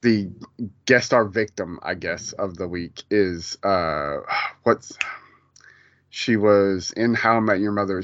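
Rambling, low-voiced podcast guy. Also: a bit bright, no room sound, muffled recording. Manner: rambling, many fillers and restarts. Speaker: podcast co-host. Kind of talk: casual pop culture chat.

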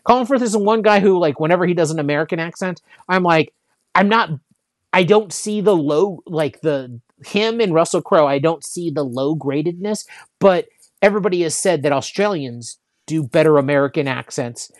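A man's voice: fairly high pitch, animated, normal speed, no room sound, studio quality. A man chatting casually about movies, rambling with many fillers and restarts. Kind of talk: casual chat.

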